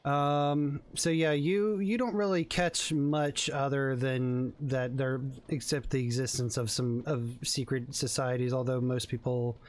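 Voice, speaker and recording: A man running a tabletop role-playing game as game master, narrating in a casual, halting way. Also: mid-range voice, fairly even intonation.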